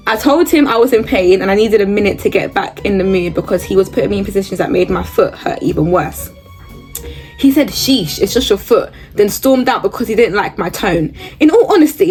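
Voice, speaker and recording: Blunt, animated woman reacting on camera. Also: mid-range voice, breathy edge. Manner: blunt, animated, laughs and gasps while reading. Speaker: host reading reddit posts. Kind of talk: casual reaction commentary.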